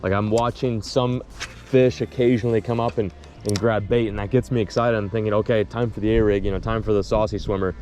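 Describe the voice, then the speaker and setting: Excitable man fishing from a boat, low voice. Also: brisk. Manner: excitable, talks to fish and trees, slangy. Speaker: fishing vlogger. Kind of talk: casual running commentary while fishing. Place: outdoors on a boat on a lake.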